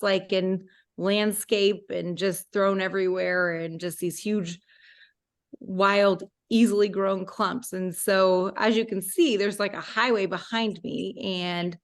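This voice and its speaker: A woman of middle pitch gives a slide talk over a video call. She rambles in a warm way, with many ums and restarts. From Florida, USA. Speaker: guest speaker. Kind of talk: presentation with slides.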